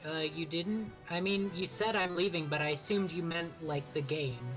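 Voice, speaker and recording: A man's voice: on the high side, steady tone, normal speed, a bit bright, faint music behind. A man making sarcastic jokes in casual gaming banter over voice chat. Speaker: gamer on stream.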